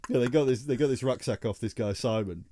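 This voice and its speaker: A man's voice: mid-range voice, fast, warm tone, a little hiss or hum. A tired man, co-hosting a casual podcast chat and telling a rambling story full of restarts. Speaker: podcast co-host.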